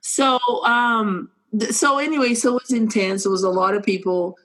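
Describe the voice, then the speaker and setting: Animated woman host, playful and laughing. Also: mid-range voice, moderate pace. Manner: animated, laughs often, bursts into playful acted quotes. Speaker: podcast host. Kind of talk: casual podcast chat.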